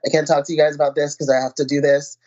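Husky woman, lively self-mocking storyteller. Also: low-pitched, racing. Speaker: powerlifter guest. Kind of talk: casual interview talk. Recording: muffled lo-fi audio.

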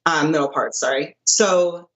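A woman powerlifter, a guest in an interview, explaining a topic in a measured, methodical way. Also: low voice, fairly bright tone, dull audio.

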